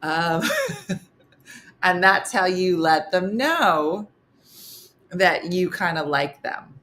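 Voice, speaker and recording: A middle-aged woman hosts a morning show, her lowish voice drawing out words as she tells comic stories in a casual, laughing way. She's animated, laughs often, and slips into character voices when quoting people.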